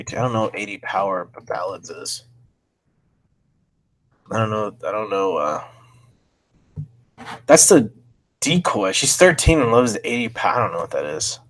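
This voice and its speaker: A man's voice: lowish voice, animated, moderate pace, long pauses, fairly bright tone. A man reading chat logs aloud and commenting, thinking aloud and reacting with disbelief.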